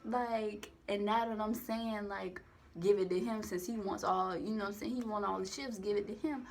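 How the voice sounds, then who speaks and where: Young woman with a gravelly, creaky voice. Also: medium pitch, steady tone, normal speed, slight background noise. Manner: candid, rambling, heavy profanity and slang. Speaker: vlogger telling a personal story. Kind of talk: casual storytime monologue. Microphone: phone camera.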